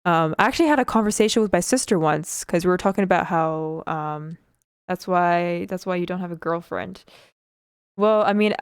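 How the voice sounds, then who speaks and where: A young woman from Canada talks through a casual drawing livestream, her voice on the low side for a woman and clean and smooth. She rambles from thought to thought with fillers along the way, and a slight speech impediment colours her words. The sound is dry and close, with no room around it. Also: dry recording. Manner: chatty, rambling, frequent fillers and laughs. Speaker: Twitch streamer.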